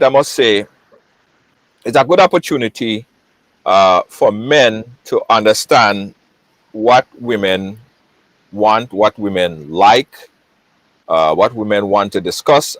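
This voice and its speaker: A man hosting a live online talk show, lively and repetitive, greeting viewers by name. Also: medium pitch, no echo, low-quality recording. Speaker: host.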